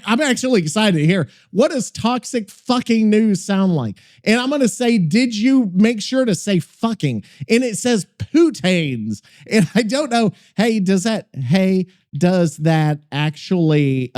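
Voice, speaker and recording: Excitable male podcast host; high, bouncy delivery, loose and profane, soft music underneath. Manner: excitable, profane, thinks out loud. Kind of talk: casual rambling chat.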